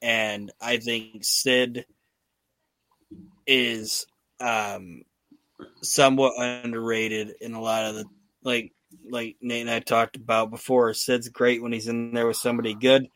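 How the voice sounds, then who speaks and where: A man's voice: mid-range voice, little pitch movement, slow, a bit bright, dry recording. A man hosts a casual podcast, recapping a wrestling match play by play. He laughs often and acts out lines in put-on voices. His voice sits in a middle range and is recorded dry and close. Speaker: podcast host.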